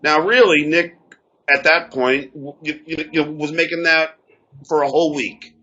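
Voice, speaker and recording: Man, halting and stammering host, bright tone, dull lo-fi sound. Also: fairly high pitch. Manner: halting, stammering, repeats words. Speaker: comedian and show host. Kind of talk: defensive storytelling in an argument.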